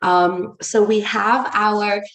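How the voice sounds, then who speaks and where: A woman's voice: mid-range voice, steady tone, slow, echoey room, poor audio. A woman with an English accent leading a ministry livestream, talking casually and frankly to viewers, swearing for emphasis and greeting them by name. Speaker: ministry leader. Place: room, livestream.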